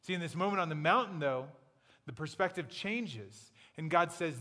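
A man preaching a sermon in a conversational, playful storytelling way, slipping into quick acted asides. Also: a little high, lively intonation, pushed and bright. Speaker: pastor. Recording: long hall reverb.

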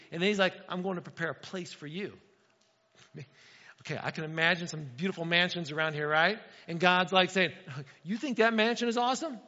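A man's voice: on the high side, fairly bright tone. A man preaching a sermon in a casual, conversational way, often asking the room "right?" and acting out little exchanges. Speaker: pastor. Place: church hall. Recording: dull, reverberant hall sound.

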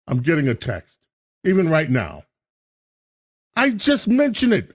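A man's voice: on the high side, wildly swooping pitch, unhurried, pauses often, breathy edge. A man hosting a talk radio show, rambling through a jokey, self-mocking monologue.

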